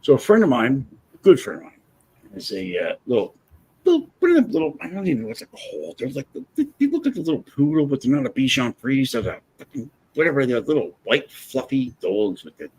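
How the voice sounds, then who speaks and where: A husky-voiced man hosting a casual livestream, telling a story bluntly and with plenty of swearing. His pitch swings widely as he gets animated, and his tone stays loose and conversational. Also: a little fast. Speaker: livestream host.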